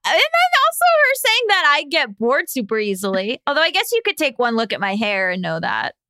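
A woman's voice: sits high, huge pitch swings, a little fast, pushed and bright, smooth, dry recording. A woman co-hosting a podcast in casual chat, a chatty storyteller who laughs often. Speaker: podcast co-host.

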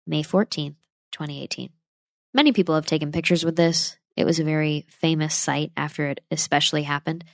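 A woman's voice: low voice, fast, few pauses, dry recording, studio quality. A young woman from the United States, talking straight to her viewers in an impassioned, opinionated vlog. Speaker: travel vlogger. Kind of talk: casual opinionated vlog monologue.

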